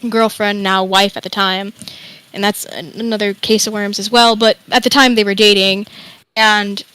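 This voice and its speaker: A woman's voice: medium pitch, little pitch movement, moderate pace, sharp tone, clear, resonant tone, rough recording. A young woman guest telling a candid, rambling personal story, sometimes swearing. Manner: rambling, emotional, swears freely. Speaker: interview guest.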